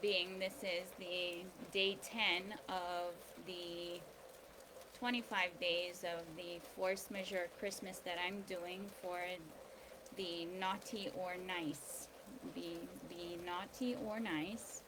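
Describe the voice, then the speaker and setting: A woman's voice: lowish voice, steady tone, takes it slowly. Rambling woman over rain and birdsong. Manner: rambling, hesitant with many ums. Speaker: host of a daily video series. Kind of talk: casual spiritual and legal talk. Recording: outdoor ambience with rain noise.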